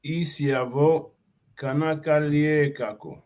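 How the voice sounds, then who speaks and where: A man in a language class, slowly and carefully repeating practice sentences. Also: fairly high pitch, fairly even intonation, darkish tone. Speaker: student.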